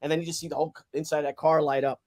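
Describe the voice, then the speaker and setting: Brief: male host, high voice, animated storyteller who acts out yelled lines and laughs a lot. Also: very fast. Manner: acts out shouted quotes, swears, laughs often. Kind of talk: casual chat, animated storytelling.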